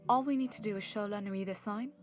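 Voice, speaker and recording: A woman's voice: medium pitch, quick pace, over music. A woman reading an investigator's lines in a board game, earnest and plain.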